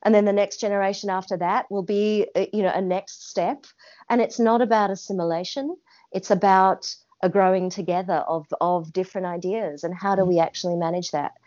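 A woman's voice: medium pitch, fairly even intonation, a little fast, a little mellow, dull audio. Passionate woman theatre director. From Australia. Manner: passionate, emphatic, with frequent restarts. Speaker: artistic director of a theatre company. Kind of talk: reflective interview answers.

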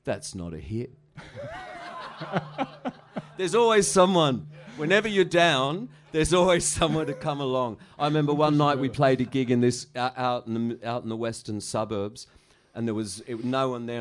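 A man's voice: mid-range voice, steady tone, moderate pace. A middle-aged musician telling rambling, profane stories in a casual interview, laughing at his own anecdotes. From Australia. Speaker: musician guest.

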